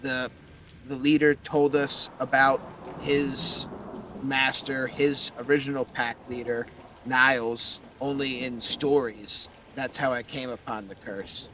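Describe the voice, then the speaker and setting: A man voicing the cursed skull of a male werewolf gang member, talking in a rough, pained, gruff and slangy way. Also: medium pitch, steady tone, slow pace, sharp tone, slight background noise.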